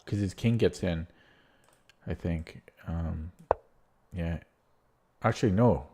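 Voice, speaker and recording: A man's voice: sits low, slow, noisy background. A man streaming chess, thinking aloud while solving puzzles, muttering to himself and getting frustrated.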